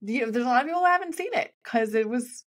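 A woman co-hosting a podcast in casual chat, bubbly, enthusiastic and quick to giggle. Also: on the high side, expressive. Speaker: podcast co-host.

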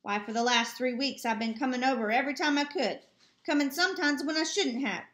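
A woman casually reading a novel aloud at home, steady with small slips and asides. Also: high-pitched, a little fast, roomy sound. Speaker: audiobook reader. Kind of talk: casual amateur audiobook reading. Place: home with family nearby.

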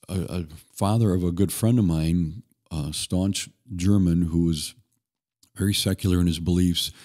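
A man guest on a podcast, telling stories in an earnest, relaxed way with occasional restarts. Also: low voice. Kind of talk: conversational storytelling.

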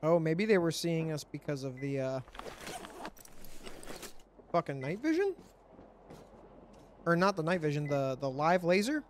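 A man's voice: fairly high pitch, lively intonation, unhurried, long pauses, slight background noise. A man hosting a let's play, commenting on his game in a frustrated, profane, ranting way. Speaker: gaming channel host.

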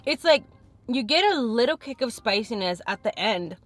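A woman's voice: a little high, expressive, normal speed, fairly bright tone, dry recording. A young woman chatting frankly and thinking aloud as she tastes food in a casual eating vlog. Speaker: food vlogger.

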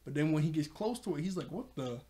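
Casual rambling male reviewer, slightly high. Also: fast, mellow. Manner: rambling, filler-heavy, chuckles often. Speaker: TV show reviewer. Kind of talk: casual episode recap.

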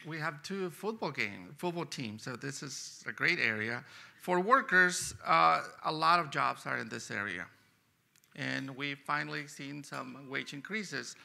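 Gravelly, bright-voiced male professor presenting. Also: on the high side, a little hiss or hum. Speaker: economics professor giving a forecast talk. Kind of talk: conference presentation. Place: stage at a university event.

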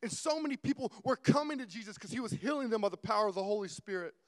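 A young man giving an animated sermon-style talk, often repeating words and dropping from loud to hushed. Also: high-pitched, fast, in a large hall. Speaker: guest speaker.

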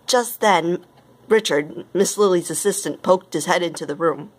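A woman reading a storybook aloud as narrator, with gentle, even pacing. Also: fairly low pitch, normal speed, a little hiss or hum.

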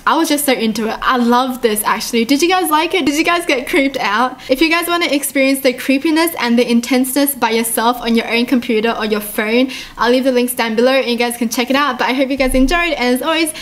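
A woman giving casual, excitable reaction commentary as a YouTuber, full of fillers, gasps and questions. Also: sits high, quick pace, few pauses. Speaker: YouTuber reading a chat story.

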